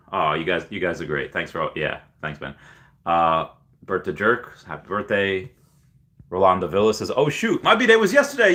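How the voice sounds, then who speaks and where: A young man with a very low voice that still carries a bright, forceful edge hosts a casual livestream. He rambles loosely, thanks viewers, and reads their comments aloud, filling pauses with plenty of ums and uhs. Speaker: livestream host.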